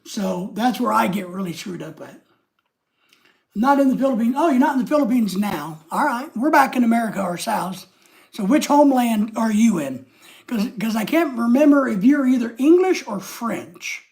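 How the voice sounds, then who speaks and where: A man's voice: extremely high pitch, animated, normal speed, vocal fry, a little mellow. An older man hosting a casual livestream, rambling as he reads viewers' comments aloud and greets them by name. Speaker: livestream host.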